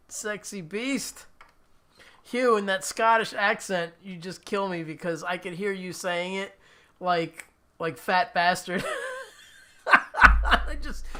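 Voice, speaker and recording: A man's voice: sits high, bright, forceful tone, a little hiss or hum. A man hosting a live stream in a casual chat, reading viewer comments aloud and laughing often. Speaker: livestream host.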